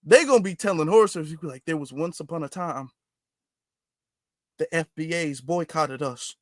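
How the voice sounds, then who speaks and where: A man's voice: fairly high pitch, normal speed, no echo, clean studio sound. A man hosting a livestream, talking in a preachy, teasing way and repeating phrases for effect. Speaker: livestream host. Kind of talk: casual livestream talk.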